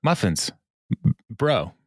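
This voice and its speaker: With a mid-range voice, a man speaks slowly but very animatedly as he co-hosts a podcast, loosely going over a TV episode. He rambles, leans on lots of fillers, and laughs often, with slight background noise present.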